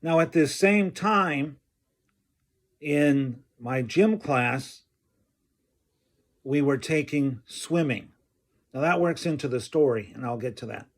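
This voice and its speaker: A man telling a personal story from his school days, slow and halting, often clearing his throat. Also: fairly high pitch, expressive. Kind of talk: personal anecdote told slowly.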